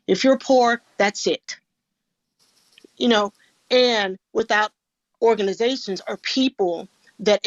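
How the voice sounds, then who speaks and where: A woman's voice: mid-range voice, no room sound. Earnest woman, dull lo-fi audio. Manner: earnest, heartfelt, storytelling. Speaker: panel participant. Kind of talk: casual discussion on an audio chat room.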